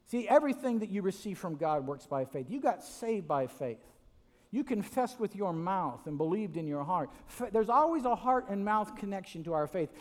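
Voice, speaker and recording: Animated high-voiced male preacher. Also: big-room sound. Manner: animated storytelling with many restarts and "right?" asides. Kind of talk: sermon.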